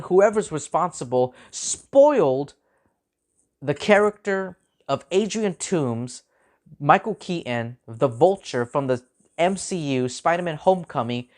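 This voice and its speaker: Rant-style reviewer, male, worked up, circles back on his own questions, halting restarts. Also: a little high, animated. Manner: agitated, repeats himself, frequent restarts. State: angry. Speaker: movie reviewer. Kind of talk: ranting film review.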